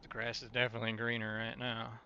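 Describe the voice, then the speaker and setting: A man giving laid-back, joking commentary while driving in a trucking game, thinking out loud as he goes. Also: mid-range voice, monotone, fast, slight background noise. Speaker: game streamer. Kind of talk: casual gameplay commentary. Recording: dull lo-fi mic sound.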